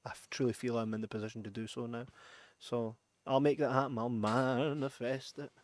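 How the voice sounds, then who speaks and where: A man's voice: medium pitch, fairly even intonation, a little fast, a little hiss or hum. A Scottish man co-hosting a podcast in casual chat, laughing often and swearing, with Scots slang. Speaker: podcast co-host. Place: studio.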